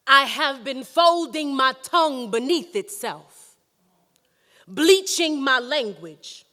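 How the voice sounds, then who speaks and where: A woman's voice: high-pitched, sharp tone. A woman performing a spoken word poem with a rhythmic, emphatic delivery, recorded in an echoey hall. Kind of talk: slam poetry performance.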